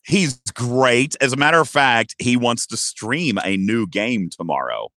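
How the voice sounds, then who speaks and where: Guy hosting a chill podcast, bright punchy voice, super dry close mic, gets all excited and squeaky sometimes. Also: measured pace, no echo. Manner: animated and playful, swinging his pitch up high for excitement. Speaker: podcast host. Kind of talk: casual podcast chat.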